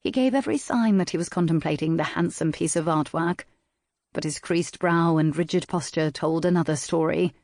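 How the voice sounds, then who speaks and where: A man narrating a historical romance audiobook in a measured, even reading. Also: a little high, vocal fry, no echo, clean studio sound. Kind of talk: scripted narration.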